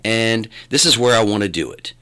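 In a conversational interview, a smooth, lowish-voiced guest talks at normal speed. He's a middle-aged filmmaker and radio announcer with a West Virginia accent, born in Louisiana and raised in West Virginia. His delivery is animated and rambling, full of restarts.

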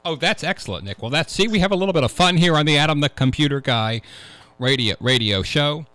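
A man's voice: fairly high pitch, lively intonation, a little fast, bright, forceful tone, no room sound, rough recording. Rambling male tech radio host. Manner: rambling with frequent uh fillers. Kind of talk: casual tech radio talk. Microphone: studio microphone.

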